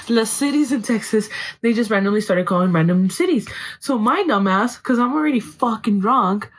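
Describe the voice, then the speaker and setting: A woman's voice: mid-range voice, poor audio. A young woman hosting her own podcast, telling a story in a chatty, swearing way and slipping into Spanish now and then. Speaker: podcast host. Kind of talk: casual chat.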